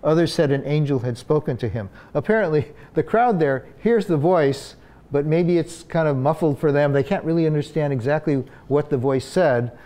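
Male pastor, warm low-toned voice, unscripted sermon delivery, restarts and "uh"s throughout. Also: normal speed. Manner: conversational preaching with frequent fillers and restarts.

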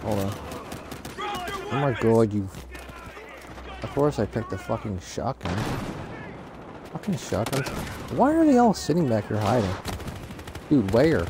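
Guy playing a shooter, cursing a lot, annoyed rants, game gunfire going off loud behind him. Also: mid-range voice, noisy background. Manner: frustrated, swearing, exasperated outbursts. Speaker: gaming channel host. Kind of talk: live gameplay commentary. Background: gunfire and explosions from the game.

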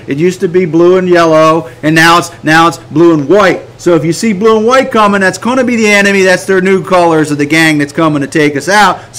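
High-pitched, emphatic Bible study teacher. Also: male voice. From United States. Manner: animated, emphatic, rhetorical questions. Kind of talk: Bible study talk on prayer.

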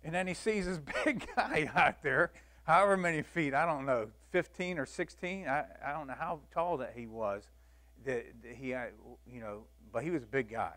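Guy teaching sunday school, folksy and lively, voice sits a bit high. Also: normal speed. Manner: folksy and animated, acts out Bible scenes, laughs often. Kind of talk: church Bible lesson.

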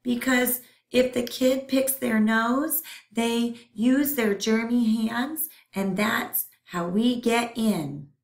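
A woman puts on a small, cheeky germ pupil in a storybook. It chirps a little higher than her normal reading voice and sounds eager to explain. The room around it is echoey. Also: steady tone, takes it slowly, distant mic. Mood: gleeful. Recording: roomy echo.

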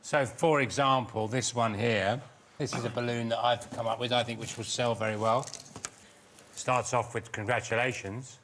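A man doing deadpan comic bits as a panel show guest. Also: medium pitch, normal speed. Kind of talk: comedy panel show banter. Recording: noisy studio with laughter.

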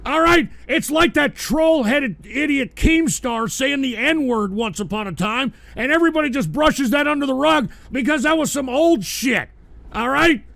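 A man with a very high, gravelly voice rants on air, stammering and swearing as he shouts in outrage. His voice sounds close and dry on a studio mic. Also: animated, normal speed, dry recording. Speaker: radio show host. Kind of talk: angry on-air rant.

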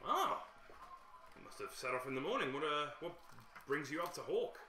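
Guy doing a fawning innkeeper, hurried and eager, bright voice, roomy echo. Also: fairly high pitch, big pitch swings, voice pushed up. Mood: friendly. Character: eager fawning male tavern keeper.

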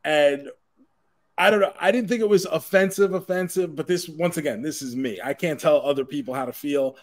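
Animated New man telling stories. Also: fairly high pitch, fairly quick. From Queens, New York. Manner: animated storyteller, laughs at his own stories, swears casually. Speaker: podcast co-host. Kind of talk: casual pop culture chat.

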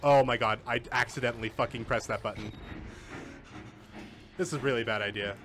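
A man streaming a game, commenting live, swearing often and breaking into panicked yells and laughter at a computer. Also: mid-range voice, a little fast, music in the background. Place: at a computer, keyboard and mouse.

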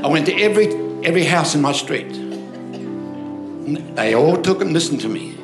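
A man's voice: fairly high pitch, moderate pace. An older man with an Australian accent, a pastor telling stories in a sermon and calling for amens. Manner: storytelling, animated, asks crowd for amens. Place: church hall. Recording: echoey hall with music behind.

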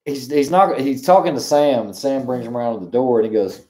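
A man's voice: medium pitch, a little fast, few pauses. A man co-hosting a casual chat show, telling stories and acting out the people in them. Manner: animated storyteller, acts out dialogue. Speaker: show co-host.

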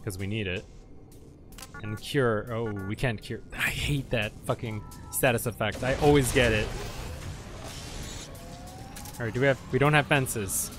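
A man's voice: medium pitch, moderate pace, over music. A man giving let's play commentary on a game, swearing often and yelping at enemies. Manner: profane, excitable, yelps at enemies. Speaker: gamer.

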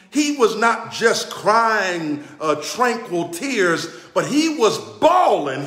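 Male pastor, slow and deliberate sermon delivery, high and animated, recorded in a roomy church. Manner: preaching cadence, rising and falling, calls to the congregation. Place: church sanctuary. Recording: echoey church sanctuary.

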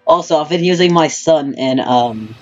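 A man's voice: on the high side, expressive, normal speed, dull audio, faint music behind. A teenage boy chatting casually with a friend while playing a game, joking and trash-talking, his voice cracking often. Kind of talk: casual gaming chat.

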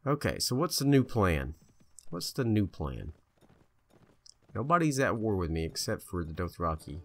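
A man casually commentating his own strategy game play, chatty and indecisive, bossing his troops around out loud. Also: sits low, very animated, normal speed. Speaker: gameplay video host.

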